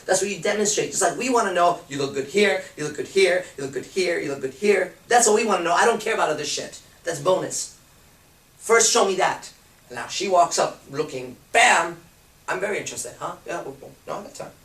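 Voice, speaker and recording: A man's voice: high voice, lively intonation, a little fast, a bit bright, echoey room, far from the mic, low-quality recording. A man giving a blunt, profane talk as a pickup coach, acting out bits of dialogue as he goes. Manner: blunt, crude, acts out dialogue.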